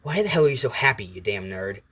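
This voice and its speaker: A man voicing a hot-tempered teenage boy bully who swears and shouts in a fan story. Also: on the low side, sing-song, quick pace, husky, full character voice. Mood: gruff.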